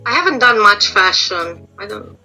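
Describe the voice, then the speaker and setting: A woman's voice: mid-range voice, lively intonation, moderate pace, pushed and bright, faint music behind, low-quality recording. A middle-aged woman, a makeup and prosthetic artist, giving frank, explanatory advice in an interview over a video call, her voice a bit strained as she is losing it. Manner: explanatory, frank, restarts phrases. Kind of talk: casual interview answers.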